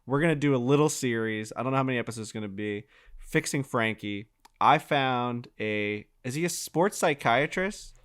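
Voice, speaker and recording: A young man co-hosting a golf podcast, telling stories in an excitable, profane, casual way. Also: medium pitch, moderate pace, smooth. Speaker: podcast co-host.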